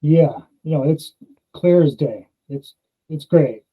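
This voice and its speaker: A man co-hosting a podcast, his voice slightly higher than most. He sounds supportive and eager to help. The recording is dull and lo-fi. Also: slow pace, slightly rough. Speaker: podcast co-host. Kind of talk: casual podcast chat.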